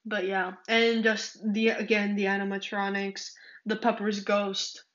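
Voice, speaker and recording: A woman's voice: mid-range voice, level tone, a little slow, fairly bright tone, echoey room, highs cut off. A woman from California hosting a casual solo podcast, rambling with many fillers and restarts. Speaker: podcast host.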